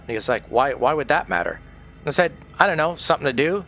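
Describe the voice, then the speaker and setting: A man's voice: on the high side, lively intonation, rapid-fire, fairly bright tone, soft background music. A man telling a rambling, conspiratorial story in a casual livestream while gaming, swearing freely as he goes. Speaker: streamer.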